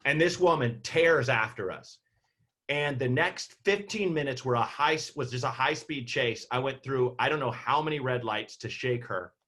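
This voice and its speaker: A man tells a story over a video call. He rambles and circles back with plenty of fillers. His voice sits at an ordinary pitch and the delivery is animated. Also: normal speed. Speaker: comedian guest.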